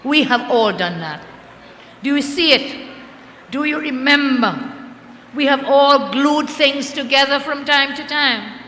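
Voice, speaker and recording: Brief: older woman, party leader, rousing rhetorical rally speech, bright forceful voice in an echoey hall. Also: sits high, a little slow, a little hiss or hum. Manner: rousing, rhetorical, chants slogans. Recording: echoey hall with crowd ambience.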